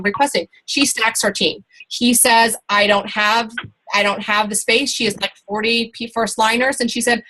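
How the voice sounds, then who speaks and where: A woman's voice: mid-range voice, fairly bright tone, poor audio. A woman in her thirties giving a motivational team training talk, chatty and encouraging, full of fillers and restarts. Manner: chatty, encouraging, many fillers and restarts, acts out quoted people.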